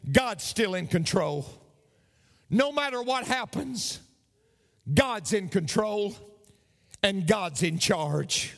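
A male pastor preaches in a high, lively voice that swoops up and down as he leans into each phrase. He takes his time, repeating key lines for emphasis, and the sound rings out with the long reverb of a big hall. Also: takes it slowly, vocal fry, long pauses. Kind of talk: sermon.

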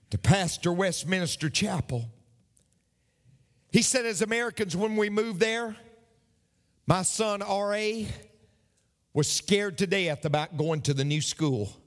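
A male pastor preaches in a high, lively voice that swoops up and down as he leans into each phrase. He takes his time, repeating key lines for emphasis, and the sound rings out with the long reverb of a big hall. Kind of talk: sermon.

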